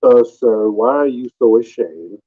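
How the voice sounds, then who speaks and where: A man's voice: medium pitch, expressive, measured pace, slightly rough. A man hosting a live call-in audio stream, talking in a mocking, taunting way and repeating his questions, heard through muffled lo-fi stream audio. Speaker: live audio room host. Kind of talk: combative live call-in talk.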